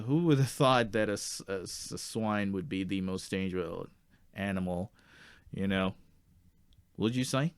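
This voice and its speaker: A man's voice: deep voice, measured pace, long pauses, clean tone, no echo, studio quality. A man hosting a comedy sketch as a tourist, asking hesitant, polite questions.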